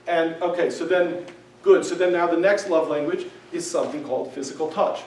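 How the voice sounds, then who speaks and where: This class teacher's voice is fairly high and a little mellow, with fairly even intonation and a fairly quick pace, plus a little hiss or hum. He gives a casual, conversational lecture in a synagogue hall, often checking in with listeners. The room echoes and the mic is far away.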